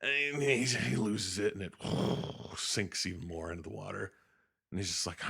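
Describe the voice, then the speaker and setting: A man retelling a film in casual chat, animated and swearing, slipping into quick impressions of the characters. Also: sits low, gravelly, breathy edge. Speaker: co-host. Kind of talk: casual movie recap chat.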